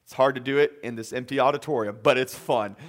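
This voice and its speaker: A man's voice: mid-range voice, fast. A man preaching a sermon from an empty auditorium, with emphatic, repeated lines and quotes he acts out. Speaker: pastor.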